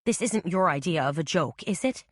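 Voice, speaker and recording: A woman voicing a calm, wry woman who runs a scrapbook shop, in a mystery audiobook. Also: fairly low pitch, normal speed, no room sound, studio quality. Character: level-headed woman scrapbook shop owner.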